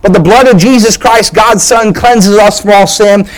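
A man's voice: high voice, normal speed, few pauses, low-quality recording. A man preaching a sermon as a pastor, emphatic and repetitive, often restarting his phrases.

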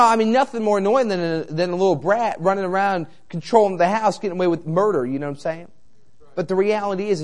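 Animated preacher man, slightly high voice. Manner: animated, conversational, frequent rhetorical asides. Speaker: traveling evangelist preacher. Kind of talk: sermon with personal storytelling.

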